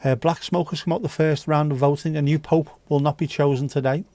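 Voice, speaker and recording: A man's voice: on the high side, steady tone, brisk, mellow, no echo. A man from the UK hosting a casual livestream, chatting and joking and reading out viewer comments. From United Kingdom. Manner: chatty, jokey, reads viewer comments aloud. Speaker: livestream host.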